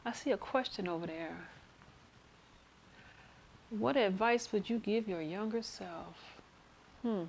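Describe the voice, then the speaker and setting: A woman's voice: medium pitch, slow, gravelly, pauses often, a little hiss or hum. A woman hosting a casual live stream, chatting frankly and answering questions from her viewers. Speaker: host.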